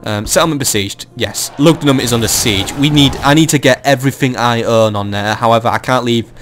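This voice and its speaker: A man's voice: medium pitch, brisk, a bit bright, soft background music. Exasperated young man ranting over a game. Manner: swearing, exasperated, ranting, with bursts of mock outrage. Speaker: gaming let's-play host. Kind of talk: casual gameplay commentary. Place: at home, keeping his voice down.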